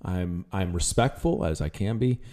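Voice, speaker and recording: Blunt low-voiced man on a podcast. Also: normal speed, warm tone. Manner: blunt, frank, emphatic. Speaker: podcast co-host. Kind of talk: casual relationship podcast talk.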